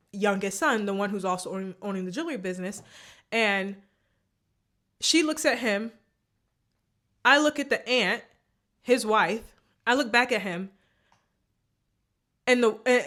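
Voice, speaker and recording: A woman's voice: mid-range voice, a bit bright. A woman vlogger telling a personal story in a candid, emotional way, often repeating herself.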